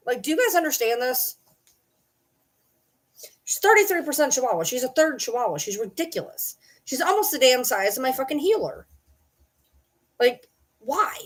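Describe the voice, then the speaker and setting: Woman vlogger. She is casual, profane and rambling, and her pitch swings widely. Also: big pitch swings, normal speed, pauses often. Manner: profane, rambling, talks to her dogs mid-sentence. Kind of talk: casual chat to camera.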